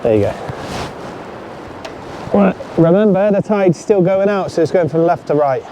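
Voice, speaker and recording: An excitable man with a fairly high voice, talking to a camera set up on the beach. His chat to his viewers is casual and lively. Loud waves and surf roll in the background of the outdoor recording. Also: moderate pace, background noise. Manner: chatty, excitable, talks straight to viewers. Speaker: fishing vlogger. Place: outdoors on a sandy shore at low tide.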